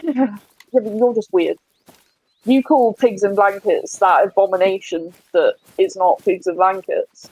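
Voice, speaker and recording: A woman's voice: mid-range voice, steady tone, a little slow, darkish tone, no echo, highs cut off. A young woman chatting on a gaming livestream in a teasing, playful way, laughing often. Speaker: gaming streamer. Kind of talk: casual chat while livestreaming a game.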